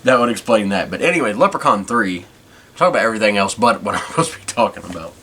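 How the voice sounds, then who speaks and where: Quick-paced and expressive, this man has a low-leaning voice that sounds pushed and bright, with a little hiss or hum. He hosts a podcast and rambles through a casual chat full of restarts.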